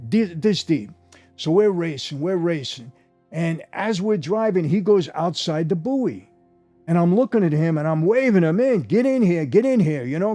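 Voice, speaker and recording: An older man tells stories from his past in a casual, animated monologue, often turning to address his listeners directly. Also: high-pitched. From New York. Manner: animated, addresses listeners directly, repeats "I gotta tell you". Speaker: former mobster telling stories.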